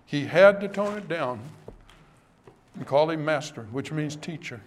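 High-voiced man preaching a dramatic sermon. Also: animated, unhurried, long pauses, slight background noise. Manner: impassioned, dramatic preaching that drops to hushed tones.

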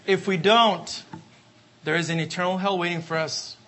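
A man's voice: high voice, fairly even intonation, normal speed, fairly bright tone. A man preaching a sermon, emphatic and repetitive, asking for amens. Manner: emphatic, repeats refrains, asks the congregation for amens.

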